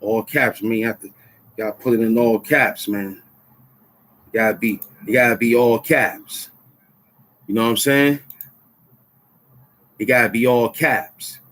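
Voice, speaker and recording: A man's voice: mid-range voice, steady tone, a little slow, long pauses, fairly bright tone. A middle-aged man hosting his own vlog, ranting about politics in heated street slang and repeating phrases for emphasis. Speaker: vlog host. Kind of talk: casual political rant to camera.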